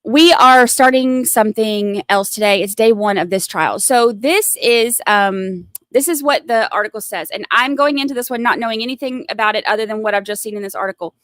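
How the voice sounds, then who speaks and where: A woman's voice: fairly high pitch, brisk, few pauses, a bit bright, dry recording. Southern woman, livestream host; loose chatty ramble, restarts sentences, dry sound. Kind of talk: casual livestream chat.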